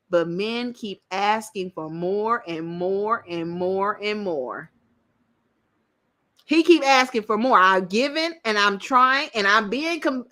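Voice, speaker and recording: A woman with a sharp, fairly high voice hosts a reaction commentary on a panel clip. She speaks bluntly and directly, with plenty of profanity.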